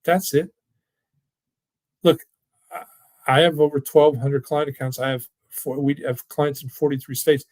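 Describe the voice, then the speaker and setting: Middle-aged guy pitching his finance firm on a video call, average pitch, keeps saying look, very dry sound. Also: darkish tone, no echo. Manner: emphatic, with frequent restarts and repeated "look". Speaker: financial firm owner hosting a webinar. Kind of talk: casual, persuasive talk and Q&A answers. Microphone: video call mic.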